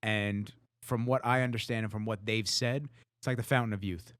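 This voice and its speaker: A man's voice: lowish voice, fairly even intonation, a bit bright, smooth, no room sound, studio quality. A man hosting a podcast who talks in a casual, joking way. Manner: fast, joking. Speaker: podcast host. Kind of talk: casual chat.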